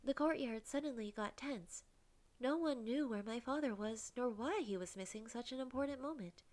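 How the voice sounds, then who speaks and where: Soft, breathy young woman narrating. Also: fairly high pitch, normal speed. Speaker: game streamer. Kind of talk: first-person visual novel narration.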